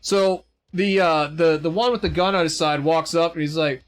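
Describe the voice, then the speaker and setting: A man's voice: a little high, steady tone, normal speed, clear, resonant tone. A man narrating a tabletop game as game master, rambling with lots of fillers and self-deprecating asides.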